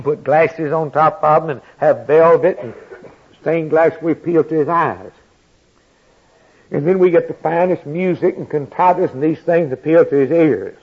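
A husky-voiced man delivers an impassioned sermon, his slightly high voice climbing into emphatic cries. The recording is dull and lo-fi, like an old sermon tape. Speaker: preacher.

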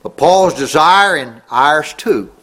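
A middle-aged man preaching a sermon, earnest, rising on key words and dropping low. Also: lively intonation, slow pace, fairly bright tone.

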